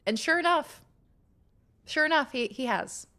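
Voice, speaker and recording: A young adult woman with a high, sharp voice and lively intonation takes her time as she streams a game. She chats casually with viewers, voices her thoughts, laughs a lot and sometimes swears.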